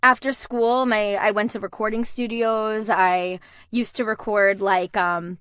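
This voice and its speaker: A woman's voice: medium pitch, fairly even intonation, unhurried, fairly bright tone, clear, resonant tone, no echo, clean studio sound. A young adult woman, a voice actor, telling stories in a casual interview and laughing often. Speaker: voice actor guest.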